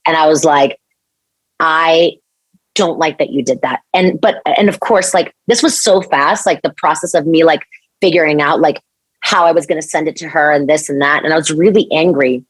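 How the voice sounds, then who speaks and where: Low-voiced woman telling a personal story. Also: dry recording. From Mexico. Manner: earnest, animated, many restarts and "like". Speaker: podcast guest. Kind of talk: personal storytelling in a podcast interview.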